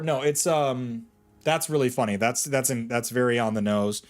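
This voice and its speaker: A man's voice: mid-range voice, moderate pace, faint music behind. A man casually commentating a game he is playing, jokey and playful with puns. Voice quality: jokey, playful, given to puns and silly voices. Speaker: gaming streamer. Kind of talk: casual let's-play commentary.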